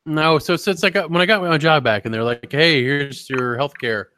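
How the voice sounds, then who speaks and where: A man's voice: fairly high pitch, moderate pace, bright, forceful tone, a little hiss or hum. A man co-hosting a podcast, telling rambling, profane stories in casual chat. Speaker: podcast co-host.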